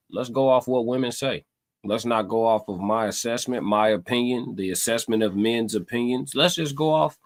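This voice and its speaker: A man hosting a live stream, talking casually to his chat in a loose, meandering way, repeating himself and searching for words. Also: medium pitch. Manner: loose and meandering, many fillers and repeated phrases.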